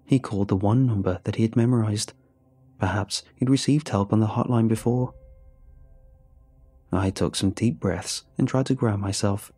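A man reading a first-person horror story aloud in a measured, suspenseful way. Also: on the low side, dark tone, husky, dry recording.

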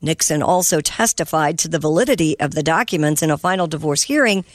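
A woman's voice: deep voice, quick pace, dry recording, studio quality. Woman reading radio news items. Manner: even, clear news delivery with light asides. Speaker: news reader on a radio show.

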